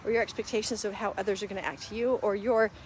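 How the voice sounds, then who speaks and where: A woman's voice: mid-range voice, fairly even intonation, quick pace, slight background noise. A middle-aged woman hosting a casual live-stream talk, earnest and conversational, acting out little quoted exchanges as she goes. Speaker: host.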